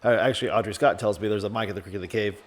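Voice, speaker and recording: A man's voice: lowish voice, fairly even intonation. A man who is the guest host of a comedy podcast, telling a story in casual chat, with frequent restarts. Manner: rapid storytelling with repeated restarts.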